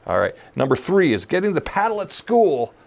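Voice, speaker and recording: A man in his forties or fifties co-hosting a casual podcast, with a gravelly, fairly high voice that swings widely in pitch. He tells childhood stories with lots of laughter and acts out the people he quotes. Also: normal speed. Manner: animated storyteller who acts out quotes; laughs often. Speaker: podcast co-host. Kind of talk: casual chat.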